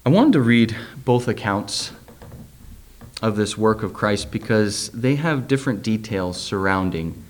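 A middle-aged man preaching a sermon, reading scripture aloud and then talking it over loosely with fillers and questions to the listeners. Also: lowish voice.

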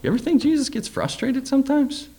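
Speaking fast in an extremely high-pitched voice with a dark tone, a middle-aged preacher reads from scripture. He then talks it over informally, full of fillers and questions aimed at the audience.

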